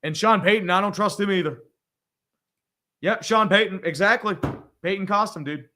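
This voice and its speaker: A man hosts a live reaction stream and talks in a blunt, profane, opinionated way. His voice sits a little high for a man and has a bright, forceful edge. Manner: blunt and profane, quick opinions, frequent laughs. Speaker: livestream host reading viewer donations.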